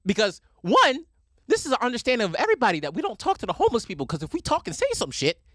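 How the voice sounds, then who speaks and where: A man ranting animatedly on a podcast, profane and fast-talking, recorded with a close studio microphone. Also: very high voice, wildly swooping pitch, a bit bright, no echo. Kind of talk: casual podcast rant.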